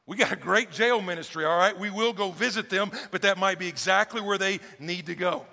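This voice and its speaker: A male pastor delivers a sermon in a high, bright voice with a gravelly edge. He keeps it conversational, asking the congregation question after question. A long reverb hangs on every phrase in the church. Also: fairly quick.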